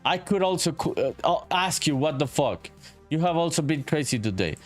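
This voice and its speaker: A man's voice: on the high side, sing-song, normal speed, faint music behind. A man streaming his indie game development, chatting casually with viewers, reading comments aloud, saying dude a lot and swearing freely. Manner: laid-back, swears often, calls everyone dude, reads chat aloud. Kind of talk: casual live-stream chat while working.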